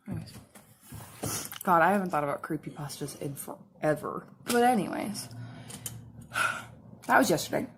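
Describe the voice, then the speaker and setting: A woman's voice: sits low, expressive, moderate pace, pauses often, noisy background. A young woman chatting casually while she does her makeup, rambling along with lots of "like" fillers. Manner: rambling, full of "like" fillers and laughs. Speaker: makeup and cosplay vlogger.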